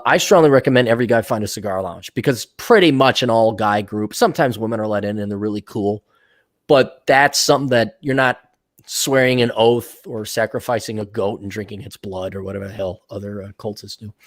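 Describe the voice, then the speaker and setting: A man's voice: on the low side, no echo, clean studio sound. A man co-hosting a casual podcast, reading viewer questions and joking around with lots of laughter. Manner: joking, animated, laughs often.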